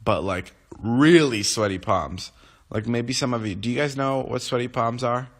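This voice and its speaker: Just woken up, a livestream host in his twenties talks casually to viewers, rambling with plenty of fillers and restarts. He speaks a little fast at a medium pitch, with a fairly bright tone.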